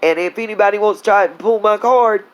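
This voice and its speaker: A woman's voice: mid-range voice, fast talker, low-quality recording. A woman, angrily venting to her viewers in a casual vlog, blunt and heated, talking to them as y'all. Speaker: vlogger. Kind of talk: angry casual vlog rant.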